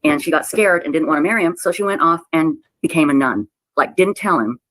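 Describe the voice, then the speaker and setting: Woman, personal story, halting, repeats herself, near tears, dry close sound. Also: sits low, expressive, fairly bright tone, dry recording, rough recording. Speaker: website owner telling her story. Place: played clip of a livestream.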